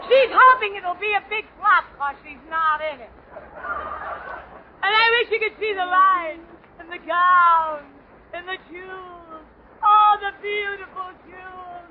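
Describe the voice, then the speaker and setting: A woman comedian delivering a brassy, wisecracking 1930s radio comedy monologue with quick asides. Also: extremely high pitch, background noise. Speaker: comedian guest. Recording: dull 1930s radio broadcast recording.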